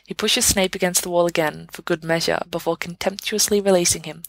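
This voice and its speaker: A woman narrating a fan story aloud in an even, measured way. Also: on the low side, vocal fry, no echo, rough recording. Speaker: podfic reader. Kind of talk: scripted narration.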